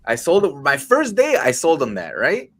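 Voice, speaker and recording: A young man telling stories in casual podcast chat, swearing freely and jumping into high voices for the people he quotes. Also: huge pitch swings, moderate pace, fairly bright tone. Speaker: podcast co-host.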